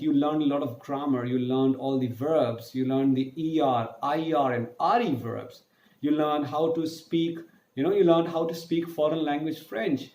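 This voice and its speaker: A man's voice: fairly high pitch, darkish tone, reverberant. A man teaching a French class to schoolchildren in an online video lecture. He speaks straight to his students and repeats the key words for them.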